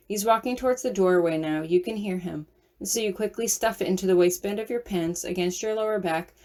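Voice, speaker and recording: A woman's voice: medium pitch, a little mellow. Woman narrating second-person fiction. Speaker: audiobook narrator.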